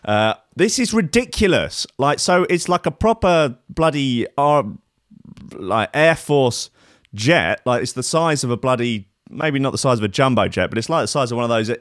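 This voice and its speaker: A man's voice: medium pitch, lively intonation, normal speed, no echo, clean studio sound. A man hosting a live radio show, chatting in a rambling, irreverent way with plenty of swearing. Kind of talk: casual live radio chat.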